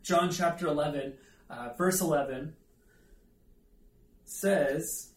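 A man's voice: on the high side, moderate pace, a little mellow. A man preaching a conversational sermon, telling a self-deprecating story with asides to the audience. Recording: echoey room, mic at a distance.

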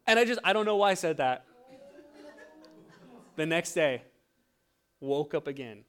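A man's voice: on the high side, expressive, unhurried, pauses often, fairly bright tone. A young man preaching a sermon, telling a self-mocking personal story with laughter. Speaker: pastor.

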